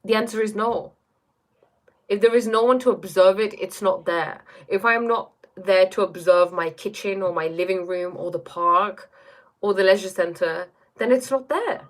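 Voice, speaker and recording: A woman's voice: mid-range voice, moderate pace. A woman hosting a casual live stream from her bedroom, reading chat aloud and musing reflectively, often checking in with "right?" and "you know?". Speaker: livestream host reading chat.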